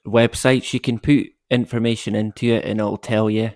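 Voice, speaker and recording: A man's voice: lowish voice, flat delivery, normal speed, a little mellow, no room sound, studio quality. A man chatting as a guest, hesitant and laughing as he tells stories. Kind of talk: casual chat.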